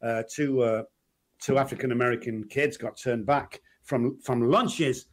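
Man, middle-aged, Manchester accent, animated storyteller, interview guest. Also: mid-range voice, a little slow. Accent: Manchester English. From England. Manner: animated storyteller, acts out quoted voices. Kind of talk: casual interview chat.

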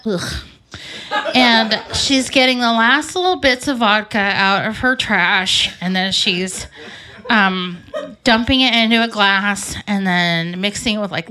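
A middle-aged woman doing a profane stand-up comedy routine on a club stage, with brash quick asides and an audience laughing. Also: medium pitch, pushed and bright. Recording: live club recording with crowd.

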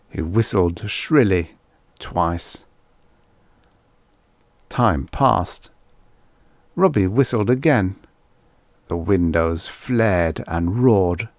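A man narrating a vintage science fiction audiobook in a measured, expressive storytelling voice. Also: low-pitched, dry recording. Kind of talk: scripted narration.

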